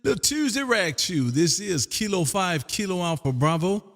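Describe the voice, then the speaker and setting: A man from Texas hosting a ham radio livestream from his home radio room, loud, drawling out his call sign in a sing-song way and chatting with callers. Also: high voice, big pitch swings, moderate pace, big-room sound, soft background music. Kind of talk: ham radio calling and chat.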